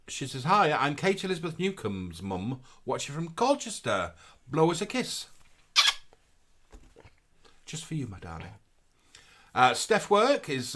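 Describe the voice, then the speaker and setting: A man's voice: mid-range voice, bright, forceful tone. A man co-hosting a live show, chatting casually and reading out viewer comments in a camp, gushing manner with sing-song greetings.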